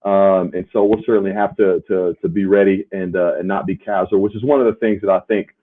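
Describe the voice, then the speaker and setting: A man's voice: deep voice, fairly even intonation, brisk. A man who once played the sport, co-hosting a podcast and making emphatic, punchy points. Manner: emphatic, punchy, tag questions. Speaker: podcast co-host, former player. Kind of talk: casual sports chat. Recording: tinny phone-like sound.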